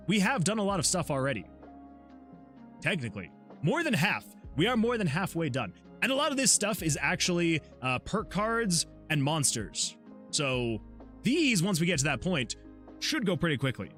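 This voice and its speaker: A man's voice: fairly high pitch, fairly bright tone. A man, a solo game developer, chatting casually on his livestream, laughing often and reading chat messages aloud. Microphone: USB desktop mic.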